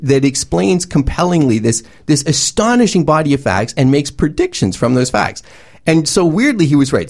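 A man's voice: on the high side, big pitch swings, unhurried, gravelly, slightly rough. A man ranting emphatically and sarcastically as a panelist in a discussion.

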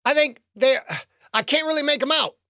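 A man's voice: moderate pace, sharp tone, dry recording, clean studio sound, exaggerated voice. A man voicing a panicked, streetwise young man who swears as he talks. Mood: anxious. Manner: frantic, swearing, high-strung.

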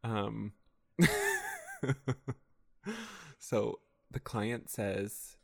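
A man's voice: lowish voice, little pitch movement, slow, vocal fry, pauses often, darkish tone. A man in casual chat, laughing often and reading example phrases aloud playfully.

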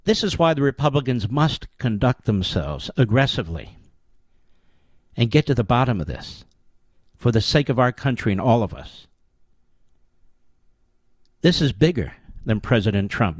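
A man's voice: medium pitch, expressive, normal speed, pauses often, no echo. A man hosting a political talk show, delivering an emphatic, declamatory commentary monologue with lots of rhetorical repetition.

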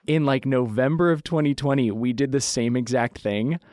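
A man's voice: mid-range voice, no room sound. Laughing young man, dry close sound. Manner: laughs often, quick and animated. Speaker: podcast host. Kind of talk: casual chat.

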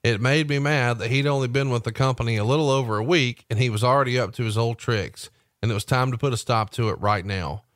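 A man's voice: mid-range voice, fast talker, no room sound, clean studio sound. A man hosting a podcast, reading book passages aloud with wry asides and asking questions. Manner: steady read-aloud delivery with wry asides. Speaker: podcast host.

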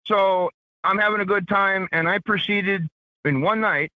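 Male caller, animated storyteller, muffled line, dry sound. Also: high-pitched, a little slow, dry recording. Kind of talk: casual storytelling.

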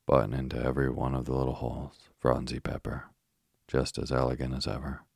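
Brisk caring big sister girl read by a man, deep rough voice, not much tune to it. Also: monotone, no echo, clean studio sound, full character voice. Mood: reassuring. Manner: quick, reassuring. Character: brisk, motherly eldest sister, young girl.

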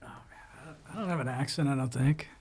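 A man's voice: mid-range voice, fast, a little mellow. A man in a studio, chiming in modestly and offhand.

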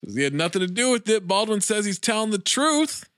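A man with a bright, lively voice walks through a movie's plot for his co-hosts. He laughs easily. The sound is close and dry. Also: sits high, brisk, no echo. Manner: narrates the plot, laughs often. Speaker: podcast co-host. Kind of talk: casual film recap chat.

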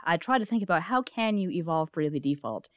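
A woman's voice: lowish voice, expressive, quick pace, dry recording, clean studio sound. A woman guest on a podcast in casual chat, eager and talkative, telling long anecdotes with stumbles and restarts. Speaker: guest, freelance writer.

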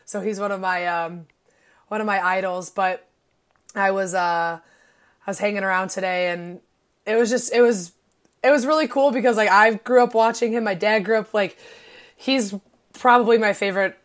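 A woman in her twenties from Illinois, co-hosting a casual podcast and talking in an excitable, gushing way with lots of "like" fillers. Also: mid-range voice, moderate pace, pauses often. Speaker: podcast co-host.

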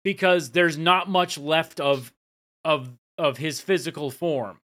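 A man's voice: fairly high pitch, slow pace, a bit bright. A man co-hosting a podcast, casually recapping scenes and dropping the odd swear. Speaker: podcast co-host.

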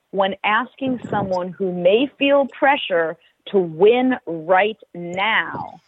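Measured woman guest on a tinny line. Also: mid-range voice, slightly rough, no echo. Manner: measured, emphatic, precise wording. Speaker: guest, former football team executive. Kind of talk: podcast conversation.

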